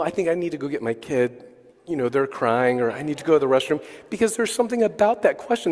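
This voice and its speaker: A man's voice: fairly high pitch, a little mellow, big-room sound. A man teaching a church conference session, asking the audience questions and answering them himself. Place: church hall.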